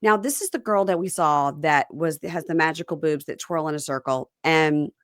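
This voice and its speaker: A chatty woman with a lowish voice recaps reality TV on her podcast. She slips into quoted voices with wide swings in pitch, on a dry, close mic. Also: moderate pace, smooth, no room sound. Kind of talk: casual chat.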